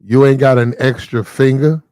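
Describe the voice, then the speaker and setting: A man's voice: medium pitch, fairly even intonation, normal speed, a little mellow, no echo, studio quality. A man hosting casual opinion commentary, preachy and repetitive, talking straight to the people he discusses. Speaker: commentary channel host.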